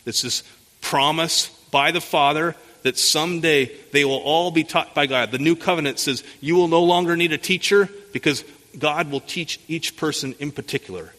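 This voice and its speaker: Bright-voiced man preaching in a hall. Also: on the high side, moderate pace. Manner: expository preaching with rhetorical questions; frequent restarts and repeated words. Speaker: pastor. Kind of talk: sermon. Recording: long hall reverb.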